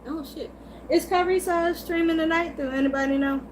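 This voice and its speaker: A woman hosting a livestream, chatting about soap operas and answering her chat in an animated, gossipy way, swearing freely and laughing often. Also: very high voice, moderate pace, slight background noise, rough recording. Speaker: livestream host.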